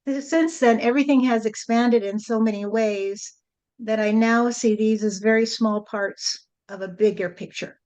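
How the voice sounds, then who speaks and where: A woman guest in a spiritual interview, speaking in a measured, reflective way with pauses. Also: fairly high pitch, steady tone, a little mellow.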